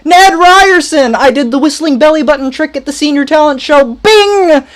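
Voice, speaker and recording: A man doing a shouted impression of a pushy, overeager salesman, drawing the words out in a high voice. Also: lively intonation. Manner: shouting, drawn-out, high-pitched. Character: pushy overeager male salesman, loud and brash.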